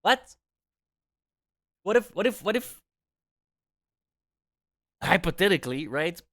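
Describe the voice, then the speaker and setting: A man's voice: sits high, expressive, slow pace, a bit bright. A man who is not a native English speaker, streaming casual reaction commentary in a mocking, sarcastic tone, laughing often and dropping slang like bro and man.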